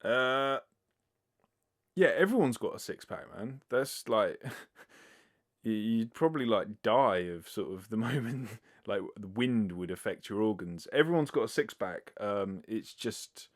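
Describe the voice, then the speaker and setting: Male solo podcaster, slightly low register, loose and sweary, talking close to the mic. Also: animated, a little slow. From United Kingdom. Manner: rambling, filler-heavy, swears casually. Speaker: podcast host. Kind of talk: casual solo podcast answering listener questions. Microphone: close sensitive microphone.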